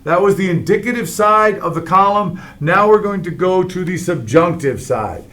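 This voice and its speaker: Middle-aged guy teaching latin grammar, kinda high voice, keeps going "all right?" as he explains each step. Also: animated, normal speed, fairly bright tone. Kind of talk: classroom grammar lesson.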